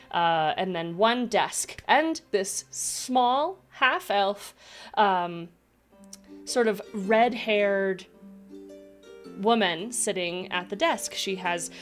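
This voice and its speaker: A woman narrating a tabletop game over soft music. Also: medium pitch. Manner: casual, rambling descriptive narration. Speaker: dungeon master.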